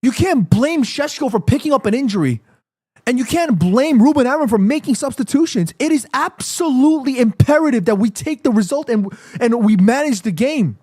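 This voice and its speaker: A man's voice: extremely high pitch, animated, a little fast, dark tone. A man ranting heatedly to his chat on a live football watchalong, swearing and defending his team. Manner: heated, ranting, profane, addresses chat directly. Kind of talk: live fan reaction stream.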